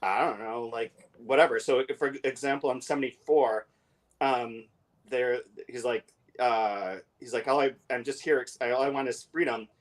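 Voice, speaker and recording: A man co-hosting a casual book discussion, talking with many fillers and restarts and reading passages aloud quickly. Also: mid-range voice, steady tone. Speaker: podcast co-host.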